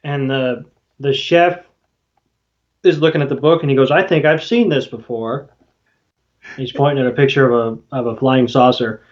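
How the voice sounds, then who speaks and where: A man's voice: mid-range voice, fairly even intonation, normal speed, pauses often. A man co-hosting a podcast, recapping an episode in loose casual chat and swearing now and then. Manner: loose and swearing, quoting characters in passing. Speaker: podcast co-host. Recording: dull lo-fi audio.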